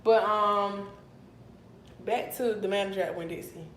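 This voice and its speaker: A young woman telling a storytime on a livestream, animated and blunt, swearing freely. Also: medium pitch, measured pace, a little hiss or hum. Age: young adult. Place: her apartment, indoors. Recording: echoey room.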